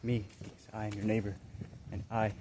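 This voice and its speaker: A man voicing a divine spirit that speaks through him, in a slow, hushed and solemn way. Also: fairly low pitch, little pitch movement, a little hiss or hum, pitched below the performer's own voice, lightly acted. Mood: solemn, tender.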